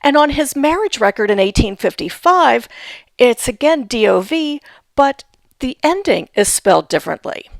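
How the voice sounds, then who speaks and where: A woman's voice: high-pitched, big pitch swings, normal speed, vocal fry, no room sound, clean studio sound. A woman giving a patient instructional talk on family history research, spelling out names letter by letter. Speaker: genealogy instructor.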